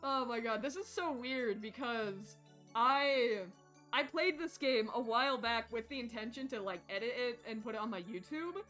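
A woman streaming a game live, excitable and chatting to her viewers as she plays. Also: on the high side, moderate pace. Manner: excitable, gasps and squeals at the game. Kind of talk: live gameplay commentary. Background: faint game music.

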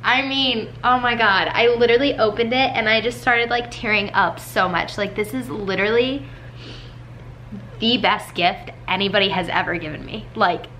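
A woman's voice: a little high, normal speed, sharp tone, a little hiss or hum. A young woman vlogging casually at home, chatty and gushing, with plenty of filler "like"s. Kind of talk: casual vlog talk to camera.

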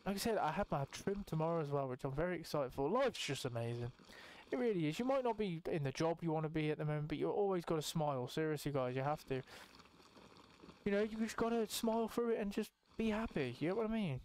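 A young man giving casual, rambling let's-play commentary as a gaming channel host, excitable and swearing freely. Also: fairly high pitch, quick pace, a little hiss or hum. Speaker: gaming YouTuber.

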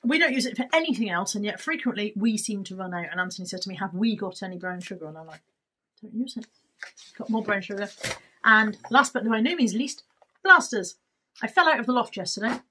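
A woman's voice: medium pitch, animated, fast talker, sharp tone, husky, poor audio. A woman chatting casually through a shopping haul in her vlog, rambling and poking fun at herself. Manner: chatty, rambling, self-deprecating. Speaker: YouTuber showing a shopping haul. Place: indoors at home, at a table. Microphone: camera on the table.

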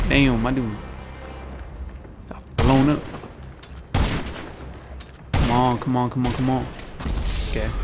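A man's voice: mid-range voice, gravelly. A young man commentating his own gameplay and taunting opponents with the same lines again and again. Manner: trash-talking, repetitive taunts to opponents. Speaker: gaming YouTuber. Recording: noisy with gunfire in the background. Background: game gunfire and explosions.

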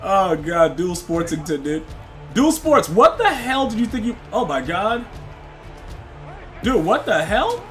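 A young man streaming a football video game live, chatting with his viewers, excitable and slangy, often repeating himself. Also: sits high, measured pace, soft background music.

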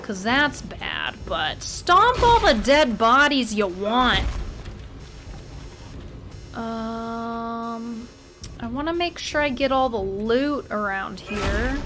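Woman gamer for a let's-play, higher voice, slow unhurried delivery, cusses and cracks wry jokes, faint music underneath. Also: animated. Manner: profane, jumpy outbursts and wry asides. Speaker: gamer playing a horror game. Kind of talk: casual let's-play commentary.

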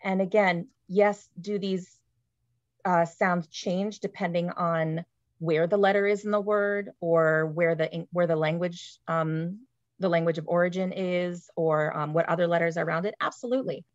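A woman presenting to colleagues over a video call, with a lowish voice and an explanatory, chatty manner. She often checks in with a quick "right?". The call audio is dry and a bit dull and lo-fi. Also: steady tone, no echo. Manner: explanatory, tags points with "right?". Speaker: presenter, literacy teacher. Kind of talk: webinar presentation.

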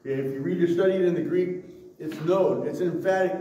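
A male pastor with a dark-toned, somewhat high voice preaches a sermon briskly in a church sanctuary, emphatic and repetitive, often pausing to say "okay?" and "listen." The echoey hall and distant mic carry slight background noise.

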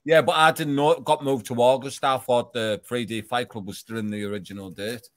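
Man, casual banter, sweary, mid pitch, dry close sound. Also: steady tone, brisk, dry recording. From England. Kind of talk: casual chat.

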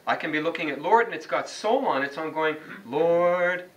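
A man's voice: a little high, expressive, fast, a bit bright. Man teaching chant to a class. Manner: quizzes students by name, sings example notes. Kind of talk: classroom lesson. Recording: distant mic, faint background noise.

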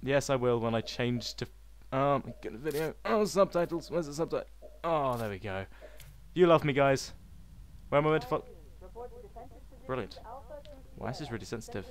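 Excitable man playing games. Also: mid-range voice, normal speed, pauses often. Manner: silly, excitable, yelps and exclaims. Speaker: gaming video host. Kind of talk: let's play commentary.

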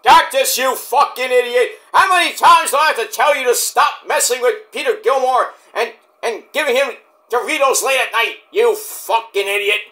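A man voicing an exasperated older man who yells, curses and scolds a friend. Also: sits high, normal speed, few pauses. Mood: furious. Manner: yelling, cursing, exasperated.

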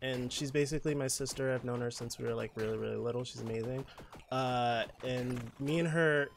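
A man's voice: mid-range voice, fairly quick, gravelly, a little hiss or hum. A man streaming a game, chatting and telling rambling stories in a playful, campy way. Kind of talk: casual game-stream chat.

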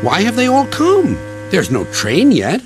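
A man voicing a small, timid young male engine who hesitates and squeaks. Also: wildly swooping pitch, normal speed, over music. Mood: excited.

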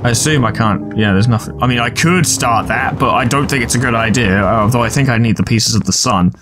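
A man's voice: mid-range voice, a little fast, over music. Swearing, rambling let's play man. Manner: swears freely, rambling self-talk. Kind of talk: casual gameplay commentary.

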